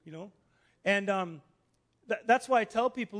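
Animated high-voiced preacher. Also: male voice, fairly quick. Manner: animated, emphatic, acts out Bible characters in quotes. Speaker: pastor. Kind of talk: sermon.

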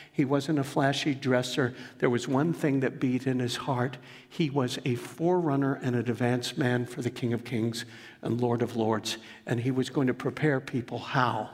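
A man's voice: medium pitch, long reverb tail. A male pastor delivering a sermon in an earnest, emphatic way, mixing scripture with personal stories. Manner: earnest, emphatic preaching with storytelling asides.

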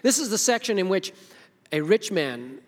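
A man with a slightly high voice preaches a sermon in a church, retelling the story with casual energy and acting out each character's lines. His voice rings with the long reverb of a big hall. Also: sing-song, normal speed. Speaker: pastor.

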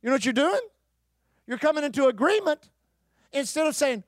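A man preaching a sermon, emphatic, with rhetorical questions, repeated phrases and occasional shouted bursts. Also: very high-pitched, very animated, a little fast, no echo, studio quality. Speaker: pastor.

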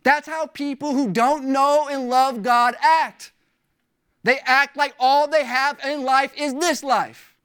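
A pastor preaching a sermon emphatically, repeating key phrases and filling pauses with "uh", with big swings in pitch and loudness for emphasis. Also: steady tone.

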